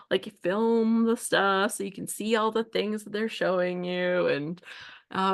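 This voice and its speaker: Woman rambling through a story on her craft livestream, some vocal fry, laughs a lot, says like a ton. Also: mid-range voice, fairly bright tone. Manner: chatty, laughs often, many "like" fillers. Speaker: scrapbooking livestream host. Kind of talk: casual storytelling chat while crafting.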